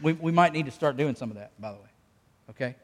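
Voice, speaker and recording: Folksy pastor in a reverberant church. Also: male voice, fairly high pitch, animated, fast talker. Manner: folksy, conversational preaching with audience call-and-response. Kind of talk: sermon. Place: church sanctuary. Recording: long reverb of a church hall.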